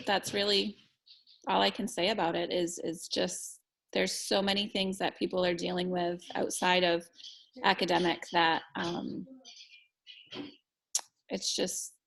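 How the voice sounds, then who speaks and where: A woman educator and parent talking on a video call, halting and searching for her words. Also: fairly low pitch, flat delivery, creaky, fairly bright tone. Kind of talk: casual video-call chat.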